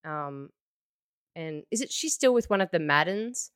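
Low smooth chatty woman. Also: lively intonation, dry recording, clean studio sound. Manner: chatty storyteller, quick to act out quotes. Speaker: podcast co-host. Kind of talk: casual chat.

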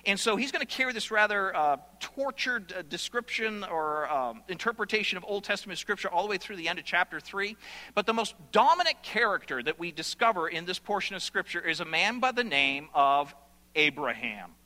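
A male pastor preaching a sermon, explaining scripture in an animated way with sudden loud bursts. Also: sits high, brisk. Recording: long hall reverb.

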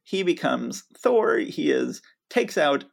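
Gravelly man recapping a story. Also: on the high side, very animated, takes it slowly. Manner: storytelling, enthusiastic. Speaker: podcast co-host. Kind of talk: casual plot recap.

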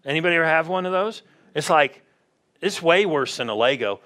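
A man's voice: on the high side, expressive, brisk, a bit bright. A man preaching a conversational sermon in a church, often asking the congregation questions. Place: church sanctuary.

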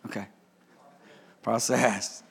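Gravelly, bright-voiced man preaching a sermon. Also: on the low side, fairly even intonation, drawn-out words. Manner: call-and-response preaching, swings from shouting to quiet asides; playful, joking with the congregation.

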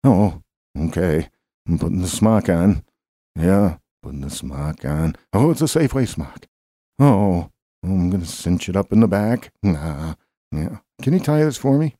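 A man's voice: low-pitched, expressive, measured pace, warm tone, no room sound. A man voicing a simple, eager jobless drifter who rambles and repeats himself in an improvised comedy bit.

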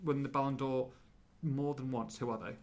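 A man's voice: mid-range voice, moderate pace. A man hosting a casual podcast, running a quiz with upbeat, bantering energy. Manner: upbeat, bantering, lively delivery. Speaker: podcast host.

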